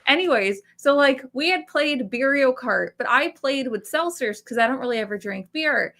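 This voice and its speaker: A young woman co-hosting a podcast, telling a story in an animated, casual way with lots of fillers and swearing. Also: high voice, moderate pace. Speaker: podcast co-host.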